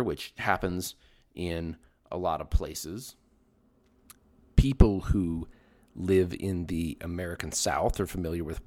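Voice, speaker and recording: A man with a fairly low voice narrates a podcast story in a measured, scripted way. His delivery is dry and wry, with the jokes tucked in without fuss. He sounds middle-aged. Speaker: podcast host.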